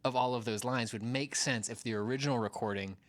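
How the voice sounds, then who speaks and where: A man co-hosting a casual video chat, talking in a wry, deadpan way. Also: medium pitch, fairly quick, no echo. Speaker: co-host.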